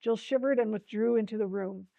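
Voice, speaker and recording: A woman's voice: on the high side, brisk, gravelly, warm tone, no echo, lo-fi sound. A woman presenting a book talk, reading a storybook aloud with expression and speaking directly to her listeners. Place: library talk.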